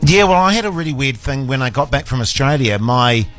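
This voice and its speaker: A man's voice: mid-range voice, animated, brisk, a bit bright, faint music behind. A man, hosting a radio show and telling stories in casual, exasperated banter. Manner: chatty storyteller, exasperated asides. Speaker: radio host.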